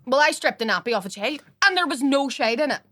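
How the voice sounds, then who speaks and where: Bright, bawdy woman. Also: high voice, lively intonation, dry recording. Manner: bawdy, storytelling, quick to laugh. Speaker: podcast co-host. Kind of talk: casual comedic chat.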